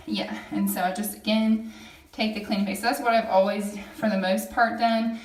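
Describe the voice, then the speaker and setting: A woman's voice: mid-range voice, flat delivery, normal speed, slight background noise. A woman giving a casual how-to demonstration in her home bathroom, chatting as she scrubs. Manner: chatty, explains while scrubbing. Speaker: product demonstrator. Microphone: camera set back from the speaker. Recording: echoey tiled bathroom from a distance.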